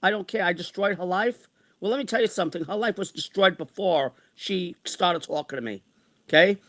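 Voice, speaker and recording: A heated man in his sixties vents in a high-set voice, circling back over the same points. He swears freely and keeps pressing his complaints. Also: brisk, fairly bright tone. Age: 60s. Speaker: vlogger. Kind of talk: angry personal rant.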